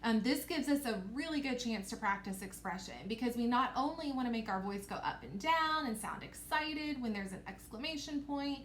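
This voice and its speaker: A woman's voice: a little high, lively intonation, moderate pace, hardly any pauses. A woman teacher leading a recorded reading lesson for young children, with an encouraging, sing-song manner. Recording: echoey room with faint noise.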